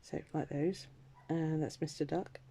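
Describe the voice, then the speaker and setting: A woman's voice: low voice, fairly even intonation, unhurried, warm tone, breathy edge. A woman vlogger chatting casually as she crafts, self-deprecating, muttering asides to herself and sometimes dropping to a whisper. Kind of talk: casual crafting chat while working.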